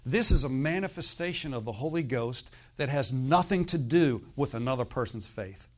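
Preaching in a casual, chatty style, a middle-aged male pastor uses lively intonation at a moderate pace. His pitch is ordinary middle range for a man, and he frequently checks in with the audience with "okay?" and "amen?" between points.

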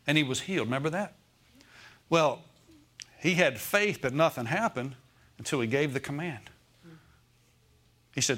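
A man's voice: medium pitch, moderate pace, long pauses, a bit bright. A male pastor preaching a Sunday sermon in a church, often calling out "Amen?" and "Okay?" to the congregation.

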